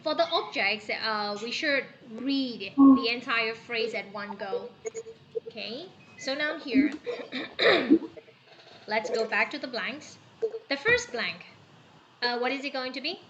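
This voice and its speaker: A woman English teacher leading a class, encouraging students and checking in with frequent "okay"s while often clearing her throat. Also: on the high side, lively intonation, slow pace, fairly bright tone, highs cut off. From Myanmar.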